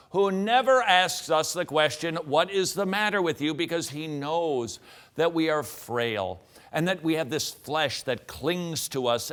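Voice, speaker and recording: A middle-aged man delivers a Christian teaching monologue with a lively, sing-song delivery. His pitch sits a bit high for a man. He keeps slipping into mock scolding voices to act out quotes. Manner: animated, acts out scolding quotes in funny voices. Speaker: radio and TV host.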